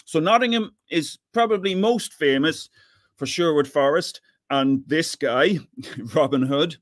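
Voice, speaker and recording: A man's voice: on the high side, a little slow, no echo. Middle-aged Irish man, professor lecturing over a video call, conversational with frequent restarts, dry close sound. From Ireland, near the Northern Ireland border. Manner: chatty, repeats words while thinking. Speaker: physics professor giving an invited talk. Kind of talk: online lecture.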